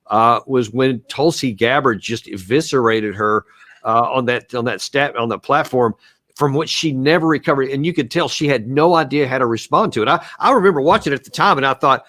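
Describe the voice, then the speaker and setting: A man's voice: mid-range voice, brisk, fairly bright tone, no room sound. A man hosting a podcast interview, earnest and questioning, with some stammered restarts. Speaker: podcast host.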